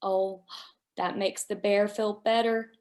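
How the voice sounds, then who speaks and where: A woman's voice: mid-range voice, little pitch movement, slow, a little mellow. A young woman reading a picture book aloud to small children, wonder-filled and full of gasps, and then showing toy animals. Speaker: children's story time reader. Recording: echoey room.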